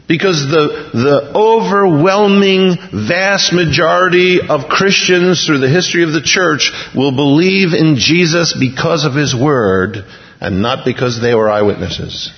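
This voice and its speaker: A man preaching a sermon, retelling scripture in a lively, jokey way and acting out the dialogue in little voices. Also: a little high. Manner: animated, jokey, voices the characters in scenes. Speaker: pastor. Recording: dull sound with long hall reverb.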